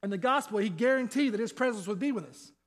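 Fired-up high-voiced pastor preaching. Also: male voice, lively intonation, fast talker, fairly bright tone. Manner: fired-up, repetitive, rhetorical questions. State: sweating. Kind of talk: sermon.

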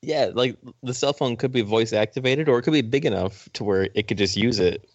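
A man's voice: mid-range voice, fairly quick, dry recording, muffled recording. A man co-hosting a podcast, hesitant and restarting his sentences while he thinks aloud. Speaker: podcast co-host. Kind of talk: casual chat.

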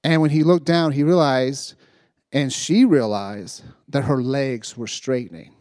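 A man preaching to young people, retelling a story with lively asides and checking in with "right?" as he goes. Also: medium pitch, unhurried, dry recording, clean studio sound. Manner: animated retelling, acting out voices, frequent "right?". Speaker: youth preacher. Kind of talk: storytelling sermon.

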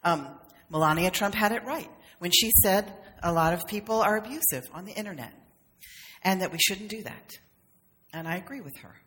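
A woman's voice: medium pitch, lively intonation, normal speed, a bit bright. A woman minister giving a conversational, humorous sermon, with playful acted asides. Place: church sanctuary. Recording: long reverb of a sanctuary.

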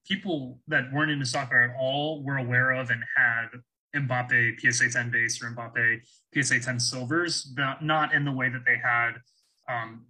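Bright, husky-voiced man guesting on a podcast. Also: medium pitch, rough recording. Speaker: guest collector. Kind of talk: casual podcast interview.

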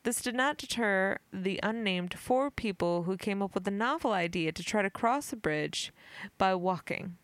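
A woman's voice: medium pitch, animated, normal speed, clear, resonant tone, dry recording. Giggly woman reading aloud, dry sound. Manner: giggly, stumbles on words while reading. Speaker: podcast host. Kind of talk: casual chat, reading an article aloud.

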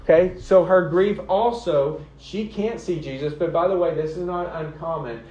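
A man's voice: a little high, normal speed, a little mellow. Earnest man preaching, muffled sound. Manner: earnest, conversational preaching with frequent "okay?" and "right?". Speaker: pastor. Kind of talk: sermon.

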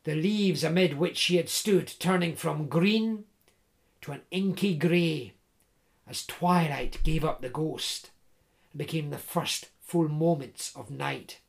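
Slow, measured male storyteller. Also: fairly high pitch, creaky. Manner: slow, measured, with small restarts. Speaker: narrator. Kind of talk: storytelling narration.

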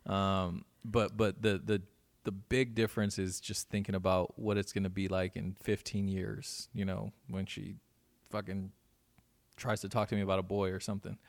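A man with a low, gravelly voice chats casually as a guest. He swears freely and trips over his own restarts. He sounds like he's in his thirties. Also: flat delivery, moderate pace. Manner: loose and profane, many restarts. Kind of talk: casual chat.

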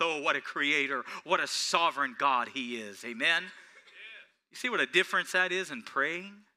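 A man preaching a sermon, building to rising, emphatic passages and slowing to stretch out key phrases. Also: medium pitch, pushed and bright. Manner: preaching with swelling intensity and slow, drawn-out emphasis. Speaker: pastor.

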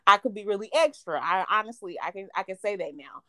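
A woman's voice: mid-range voice, expressive, fast, sharp tone, no echo, clean studio sound. A woman in her thirties, co-hosting a podcast, tells a long profane story in casual chat and laughs often as she talks. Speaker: podcast co-host.

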